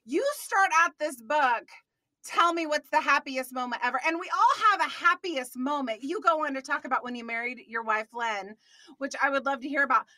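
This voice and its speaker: A woman's voice: high voice, animated, moderate pace, bright, forceful tone, dry recording, studio quality. A woman hosting a podcast, chatting with a guest in an upbeat, enthusiastic way and laughing often. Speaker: podcast host. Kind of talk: upbeat interview chat.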